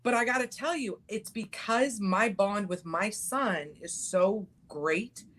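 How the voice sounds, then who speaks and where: A middle-aged woman hosting a casual chat, blunt and quick to swear, acting out what people said. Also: medium pitch, fairly bright tone. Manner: blunt, swears freely, acts out quotes. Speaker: podcast host.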